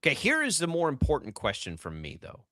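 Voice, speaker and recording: A middle-aged man ranting in disbelief on a radio sports show, his voice high and swinging widely up and down. The tone is bright and sharp. The studio mic sounds close and dry. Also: fast, no echo. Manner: animated, incredulous ranting. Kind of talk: casual radio banter.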